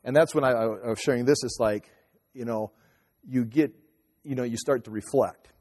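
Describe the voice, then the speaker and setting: A man in his fifties telling a personal story casually, rambling with many halting restarts. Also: mid-range voice, a little mellow. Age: 50s. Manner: rambling, halting restarts, acts out voices in quotes. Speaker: teacher and speaker. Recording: long hall reverb.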